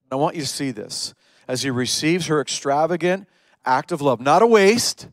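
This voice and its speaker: A man preaching a sermon as a pastor, telling the story in a lively way and swinging between hushed lines and emphatic ones. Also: a little high, moderate pace, no echo.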